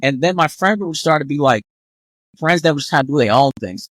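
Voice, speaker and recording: A young man, telling stories as a podcast guest in a lively way and acting out the voices he quotes. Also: a little high, a little fast, dry recording. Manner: animated, acts out quoted voices. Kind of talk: casual storytelling.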